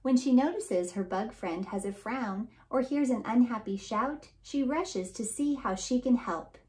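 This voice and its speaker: A woman, a children's author and librarian, reading a storybook aloud in a warm, expressive storytelling voice. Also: on the high side, measured pace, hardly any pauses.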